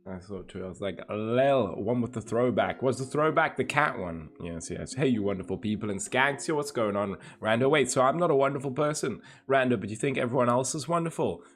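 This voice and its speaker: A man's voice: mid-range voice, lively intonation, fairly quick, few pauses. A man livestreaming in a casual, laid-back way, greeting viewers by name and reading chat aloud.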